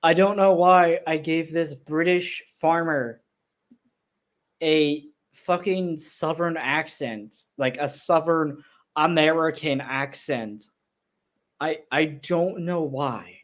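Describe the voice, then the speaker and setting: A young adult creator talks over their old fan video in a mid-pitched voice. They poke fun at their past work with laughter and plenty of swearing. The tone is loose and casual. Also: takes it slowly. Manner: self-mocking, laughing at own past work, swears freely. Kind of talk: casual, profane commentary.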